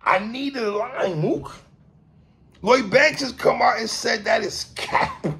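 A man hosting a casual hip-hop commentary monologue, animated and quick to laugh and exclaim. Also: very high-pitched, gravelly.

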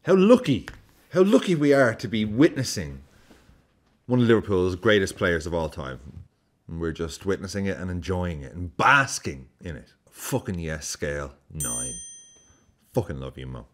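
A man chatting through a match in his vlog. His low voice swings a lot in pitch as he swears freely and acts out his reactions. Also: big pitch swings, moderate pace. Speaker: football vlogger. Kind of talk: casual match commentary.

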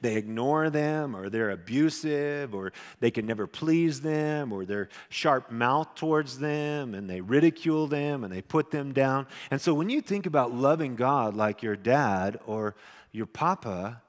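Middle-aged man preaching a sermon, mid-range voice, animated storyteller who drops to a hush, long hall reverb. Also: mid-range voice, measured pace. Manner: animated storyteller, swings from loud to hushed. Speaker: pastor.

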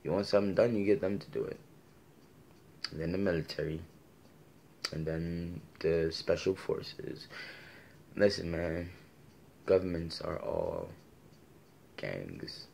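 A man's voice: low voice, lively intonation, slow, creaky, pauses often, darkish tone, slight background noise. A man delivering a passionate, argumentative opinion monologue full of rhetorical questions. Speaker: commentator giving his opinion.

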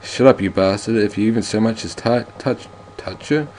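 A man's voice: on the low side, normal speed, darkish tone, slight background noise, close to an everyday voice. A man reading the lines of a defiant, protective male hero firmly, with small slips.

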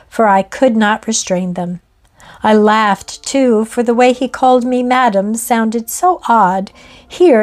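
Woman narrating a ghost story. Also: mid-range voice. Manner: measured, expressive reading.

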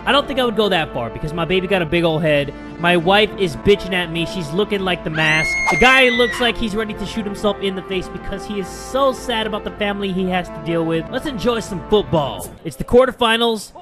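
A man giving comedic let's-play commentary, excitable and swearing, with loud outbursts. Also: high voice, brisk, music in the background. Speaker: gaming video host.

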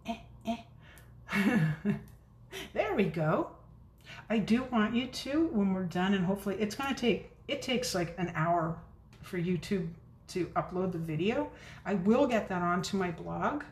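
A chatty woman demonstrating card making in a casual crafting video, talking fast and poking fun at her own forgetfulness. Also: medium pitch, a little hiss or hum. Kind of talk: casual crafting tutorial chat. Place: home craft room. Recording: echoey room.

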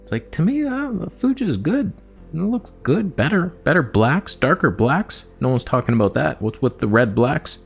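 A young man vlogging casually about cameras, animated and loose-tongued, swearing and muttering to himself. His medium voice jumps around in a very lively pitch range, with faint music underneath. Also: moderate pace, gravelly, husky. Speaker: camera reviewer. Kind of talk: casual vlog commentary.

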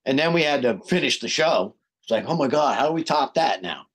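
A husky-voiced man telling a story as a guest on a podcast. He talks at a middling pitch and acts out the lines of the people in his story. His delivery is animated and conversational. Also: a little fast. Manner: animated, acts out quoted dialogue. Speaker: guest singer.

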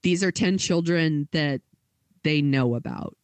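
Higher-voiced man telling a story, casual. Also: unhurried, no room sound. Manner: casual, filler-heavy retelling with acted quotes. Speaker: podcast host.

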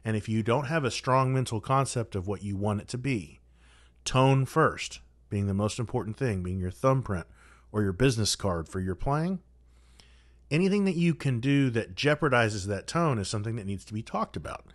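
Male brass teacher, lowish pitch, calm methodical instruction, dry mic. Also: normal speed, no echo. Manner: methodical, coaching, direct advice to students. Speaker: trombone teacher. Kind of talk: instructional practice guide.

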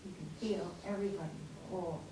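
A woman at a meditation circle sharing her feelings in a soft, halting way, repeating her words. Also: on the low side, fairly even intonation. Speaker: meditation participant. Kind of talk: spontaneous group sharing. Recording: roomy echo, distant mic, noticeable noise.

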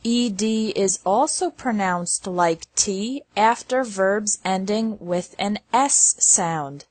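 Lady reading english verb lists super slow, kinda breathy, dry sound. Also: medium pitch, darkish tone, dry recording. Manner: reads word lists slowly, one word at a time. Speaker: English teacher. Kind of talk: slow scripted lesson narration.

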